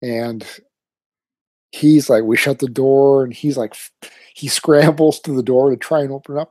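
A man in his thirties chatting casually on a podcast, telling an animated story and acting out his kids' lines. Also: medium pitch, normal speed, no room sound. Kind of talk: casual chat.

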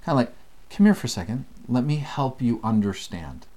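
A man leading a casual scripture study lesson, animated and acting out the voices he quotes. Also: mid-range voice, fairly quick.

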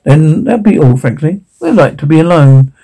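A rich, smooth-talking vampire, read by a man in a gravelly voice, formal and controlled. The sound is dark and mellow. It is plainly the reader's own everyday voice. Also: on the high side, animated, normal speed. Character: wealthy, smooth-talking male vampire host. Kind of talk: reading a TV episode aloud in character.

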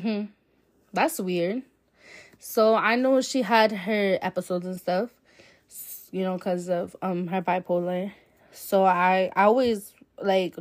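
Young woman, podcast host, casual storytelling, candid and chatty, loose with swear words, mid-range voice. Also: medium pitch. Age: young adult. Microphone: solo podcast mic.

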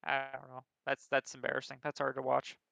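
A young man co-hosting a casual chat, telling an animated, self-deprecating story. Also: medium pitch, fairly quick, vocal fry, no echo. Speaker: podcast co-host. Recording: dull lo-fi recording.

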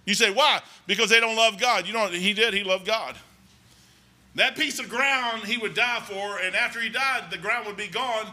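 A man's voice: sits high, moderate pace, sharp tone. A man preaching a folksy, rambling sermon in a church, talking emphatically and conversationally.

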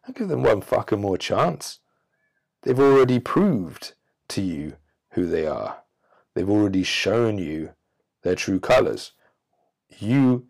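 Male solo podcaster, blunt and preachy, lowish pitch. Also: gravelly, darkish tone. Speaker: podcast host.

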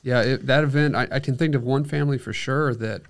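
Relaxed man recalling church events. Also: medium pitch, quick pace. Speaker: podcast co-host. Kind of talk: casual chat.

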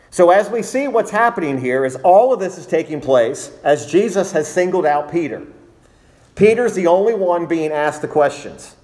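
A man's voice: a little high, animated, moderate pace, a little mellow. Man preaching a sermon, rising emphasis. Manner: reads scripture in King James wording, then preaches with rising emphasis. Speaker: pastor.

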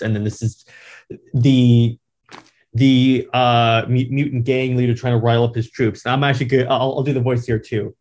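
A man reviewing a comic book in a casual, halting way. He rambles through the plot and restarts phrases often, with easy enthusiasm. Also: medium pitch, level tone, darkish tone.

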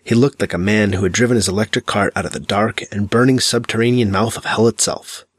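Low-voiced man reading a dark novel. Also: steady tone, fairly quick, breathy edge, no room sound. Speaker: audiobook narrator. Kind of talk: scripted narration.

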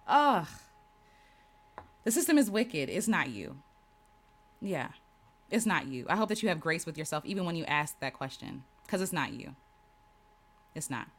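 A woman's voice: low-pitched, big pitch swings, moderate pace, long pauses. A woman hosting a casual livestream, reading viewers' comments aloud and answering them with affirmations and laughter. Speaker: host reading live chat.

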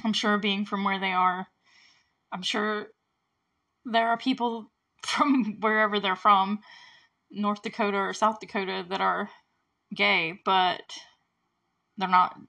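A woman's voice: mid-range voice, fairly even intonation, takes it slowly, creaky, long pauses, bright, forceful tone. A young woman casually recapping a movie as host, chatty and giggly, with many fillers.

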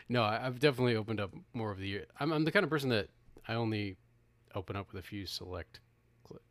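Middle-aged man, low voice, casual podcast host. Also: fairly quick, pauses often, no room sound. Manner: rambling, self-deprecating, restarts and laughs.

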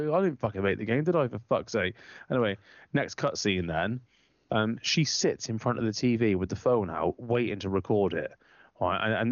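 On a laid-back podcast, a co-host with a lowish voice rambles through stories full of swearing, animatedly voicing other people in a raised tone. The lo-fi audio is dull and dry, without echo.

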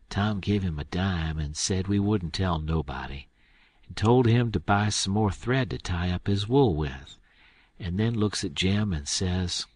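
A man's voice: deep voice, lively intonation, measured pace, a little mellow, husky, no echo. A man reading an audiobook aloud in first person, with an easygoing, folksy storytelling drawl. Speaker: audiobook narrator.

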